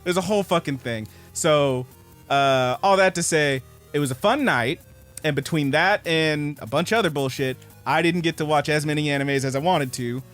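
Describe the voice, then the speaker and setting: A man's voice: a little high, normal speed, soft background music. A man co-hosting a podcast, telling a story in casual chat, swearing and acting out the people he quotes. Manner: animated storyteller, swears, acts out quoted voices. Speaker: podcast co-host.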